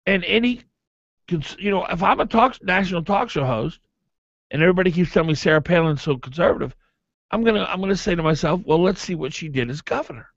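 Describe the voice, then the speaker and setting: A man's voice: high-pitched, quick pace, no room sound. A man hosting a morning talk radio show, arguing his opinions emphatically and reading ads. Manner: emphatic, animated, argumentative. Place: radio studio. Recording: dull, dry AM radio broadcast.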